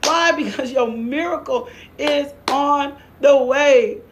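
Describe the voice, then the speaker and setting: A woman's voice: high voice, takes it slowly, noisy background. A middle-aged woman preaching a sermon, fervent and exhorting, repeating her lines with bursts of laughter.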